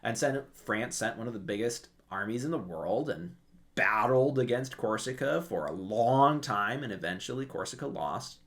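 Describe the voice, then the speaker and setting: A man giving casual history commentary, telling stories in an animated way and acting out quotes. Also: medium pitch, moderate pace. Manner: animated storytelling, acts out quotes.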